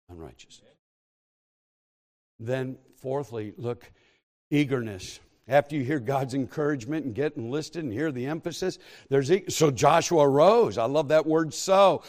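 A pastor preaching a sermon, telling a story and then preaching with fervor. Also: male voice, on the high side, darkish tone, in a large hall. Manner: storytelling, rising to fervent preaching. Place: church sanctuary.

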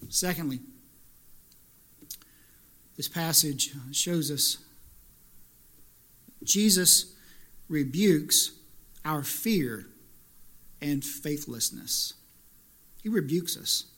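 High bright-voiced preacher. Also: male voice, expressive, extremely slow, pauses often. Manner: rising to emphatic peaks, repetitive rhetorical questions. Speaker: pastor. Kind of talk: sermon.

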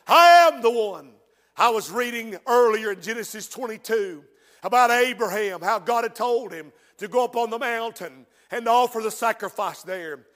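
A man preaching a fervent sermon, dropping to a hush and then rising to shouts. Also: high voice, moderate pace. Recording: long reverb in a large hall.

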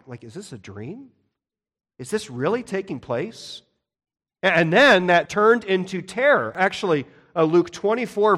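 A man preaching a conversational sermon, shifting between animated stretches and soft, dramatic drops. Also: high voice. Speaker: pastor.

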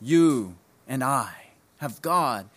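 Bright, emphatic male preacher. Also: lively intonation, very slow. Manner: emphatic, repeats key phrases, drops low at line ends. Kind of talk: sermon.

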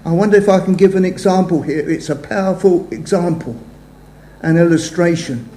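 An older man preaching a sermon to a congregation in a church hall, measured, his phrases trailing off softly. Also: high voice, slight background noise. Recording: echoey hall sound.

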